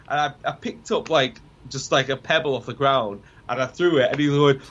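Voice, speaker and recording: A man's voice: fairly high pitch, a little fast, hardly any pauses, a bit bright, muffled recording. A man guesting on a podcast, a rambling storyteller who acts out the voices in his tale. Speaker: guest musician. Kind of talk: casual podcast chat.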